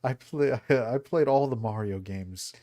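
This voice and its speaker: A man's voice: medium pitch, a little slow, a crowd in the background. A man co-hosting a podcast, easygoing and laughing often in casual chat. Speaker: podcast co-host.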